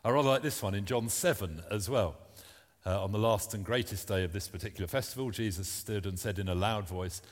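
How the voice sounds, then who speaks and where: A man's voice: on the low side, fairly quick, in a large hall. A man preaching a sermon at a church service, earnest and plain-spoken, reading scripture aloud between his points.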